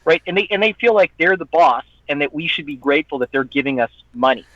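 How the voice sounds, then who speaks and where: Guest on a chat show: a high-voiced man venting with profanity, dull lo-fi dry recording. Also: lively intonation, fast talker, a bit bright, dry recording. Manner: heated, profane ranting with mocking quoted voices. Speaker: guest, online content creator. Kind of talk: casual podcast chat.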